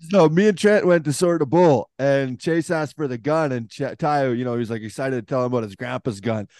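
A male podcast host talks in a loose, joking way, laughing and cursing as he pulls stories from his guest. His voice sits at an ordinary pitch. The sound is dry with little room. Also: brisk, a little mellow, dry recording. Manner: laughing, profane, prompting stories. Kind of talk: casual chat.

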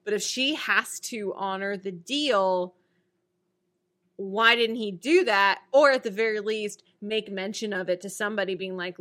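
Woman, bright tone, casual show-recap talk, brisk and chatty. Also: mid-range voice, animated.

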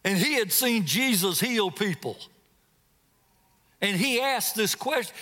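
A man's voice: high voice, lively intonation, takes it slowly, pauses often, pushed and bright, big-room sound. A man preaching a sermon as a guest preacher, telling a scripture story dramatically and asking his listeners direct questions. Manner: asks the congregation direct questions.

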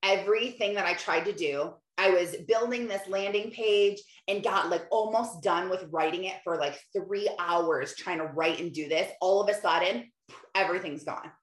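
A woman's voice: fairly low pitch, moderate pace. Chatty woman podcast host, echoey room. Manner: chatty, animated, acts out her own inner voice. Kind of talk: casual motivational monologue.

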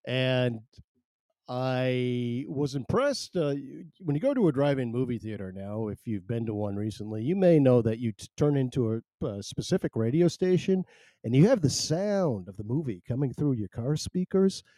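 A man's voice: medium pitch, lively intonation, moderate pace, mellow, no room sound, studio quality. A middle-aged man hosting his own podcast in loose, rambling, self-amused casual chat. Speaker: podcast host. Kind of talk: casual solo podcast chat, reading listener chat.

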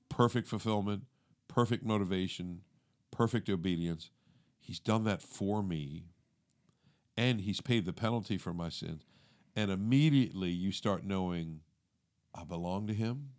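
A man co-hosting a faith podcast, explaining scripture in a casual, animated way and acting out everyday inner thoughts. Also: low-pitched. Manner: animated, acts out inner monologue; calls listener "dude". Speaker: podcast co-host. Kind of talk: conversational teaching.

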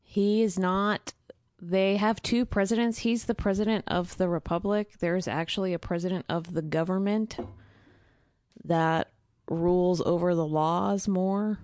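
A woman who is a guest in a casual interview, explaining earnestly and filling pauses with fillers. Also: lowish voice, steady tone, darkish tone, no room sound, studio quality.

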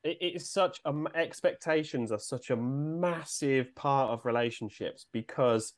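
A man's voice: mid-range voice, normal speed. Man, business coach, podcast guest, explanatory, reflective, conversational. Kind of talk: casual interview chat.

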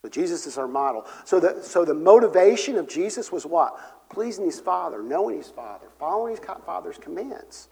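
A man preaching a sermon as pastor, earnest, moving between emphatic and soft delivery. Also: high-pitched, very animated, fairly quick, gravelly, husky. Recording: long reverb of a large hall.

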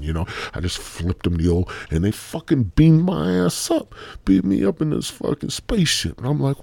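A man's voice: fairly low pitch, lively intonation, normal speed, creaky, warm tone, no echo. A man from the American Midwest hosting a podcast and telling a rambling, profane comic story. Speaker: podcast host.

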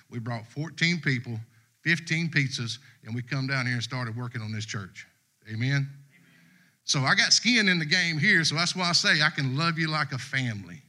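A man's voice: fairly high pitch, sharp tone. A middle-aged man, preaching a casual, folksy sermon to a church congregation. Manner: folksy and conversational, Southern US dialect. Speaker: guest preacher. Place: church sanctuary.

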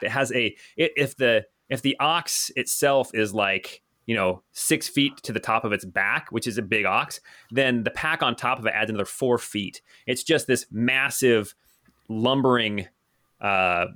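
A man's voice: mid-range voice, sharp tone, dry recording. Dry-sounding man running a tabletop game. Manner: rambling, self-correcting descriptions. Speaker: game master.

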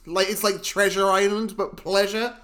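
A man's voice: high-pitched, level tone, normal speed, bright, forceful tone. A man co-hosting a casual film podcast, joking with wry, sarcastic asides. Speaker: podcast co-host. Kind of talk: casual film review chat.

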